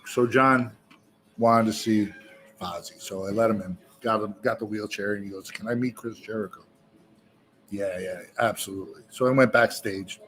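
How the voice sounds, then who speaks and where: A man's voice: on the low side, steady tone, normal speed, a bit bright, a little hiss or hum. A man, a musician guest, tells a long story with energy and profanity at an indoor bar, acting out the voices of the people in it. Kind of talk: animated storytelling.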